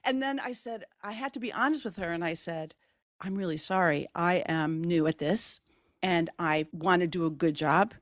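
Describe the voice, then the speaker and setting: A middle-aged woman hosting a podcast, telling stories in animated casual conversation and laughing often. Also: on the low side, normal speed, no echo, studio quality. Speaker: podcast host.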